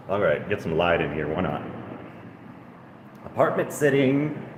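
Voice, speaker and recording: A man's voice: lowish voice, animated, normal speed, echoey room, slight background noise. A man streaming casually from an apartment, rambling and self-deprecating, cooing at a cat between thoughts. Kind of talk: casual livestream chat. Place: indoors in an apartment.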